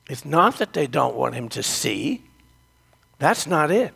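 A man's voice: fairly high pitch, lively intonation, normal speed, creaky, a bit bright, husky, long reverb tail. A man preaching a sermon who tells the story and speaks straight to his congregation. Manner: storytelling, addresses the congregation directly.

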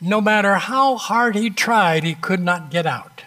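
Here a man's sermon unfolds through an illustrative story; his voice is high-pitched and sharp, his manner conversational and direct, with dramatic pauses along the way.

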